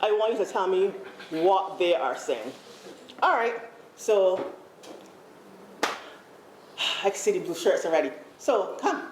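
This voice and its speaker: A Barbadian woman leads a lively workshop on deafness in a large room with an audience, talking animatedly and repeating herself as she calls people up. Her medium-pitched voice is expressive and darkish, a little slow, with frequent pauses. The recording is echoey, with faint background noise.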